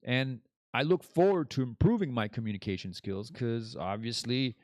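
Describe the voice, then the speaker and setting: A man's voice: mid-range voice, moderate pace, a little mellow, no echo, clean studio sound. Rambling man hosting a solo podcast. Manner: rambling and digressive, laughs at his own jokes. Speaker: podcast host. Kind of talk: casual solo podcast monologue.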